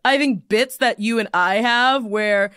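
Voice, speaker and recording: A woman's voice: a little high, measured pace, clean tone, no room sound, clean studio sound. Giggly young woman podcast host. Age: 20s. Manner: giggly, animated storytelling with silly voices. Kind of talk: casual chat.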